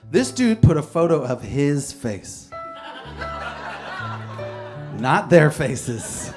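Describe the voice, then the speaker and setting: A man's voice: a little high, very animated, drawn-out words. Male comedian, live stand-up story, rambling and self-mocking, guitar playing underneath. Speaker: comedian and poet. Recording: live stage recording with guitar music. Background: guitar music.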